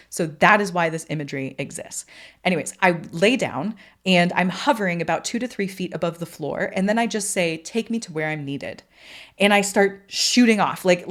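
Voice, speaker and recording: Chatty young woman telling a dream. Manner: chatty, rambling, many restarts and "right?" tags; acts out quoted lines in a high bubbly voice. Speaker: podcast host. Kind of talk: storytelling monologue.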